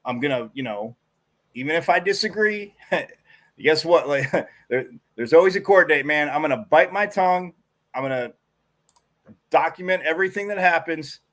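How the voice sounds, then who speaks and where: A man co-hosting a live sports talk show, telling stories in a rambling, animated way with many restarts. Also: fairly high pitch, moderate pace, pauses often. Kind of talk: casual sports talk commentary.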